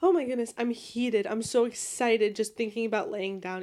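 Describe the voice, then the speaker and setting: A woman's voice: on the high side, moderate pace, darkish tone. A young woman hosting a solo podcast, chatting in a bubbly, rambling and casual way while lying in bed at home. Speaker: podcast host.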